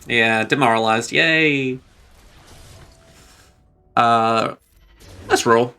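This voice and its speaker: A man's voice: medium pitch, drawn-out words, pushed and bright, clean tone, faint music behind. A man streaming a video game, chatting casually about his moves and poking fun at himself. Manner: rambling, self-deprecating, chuckling. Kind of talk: casual gameplay commentary.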